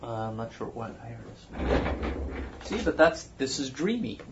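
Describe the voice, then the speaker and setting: A man's voice: mid-range voice, very animated, a little slow, gravelly, heavy background noise. Muffled man musing in casual chat. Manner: musing, thinks aloud. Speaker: podcast host. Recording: muffled lo-fi recording.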